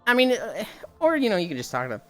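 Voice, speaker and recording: A young woman streaming while she walks on a treadmill, telling a story in a casual, animated way with swearing, sounding a little tired. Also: mid-range voice, quick pace, faint music behind. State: slightly tired from walking.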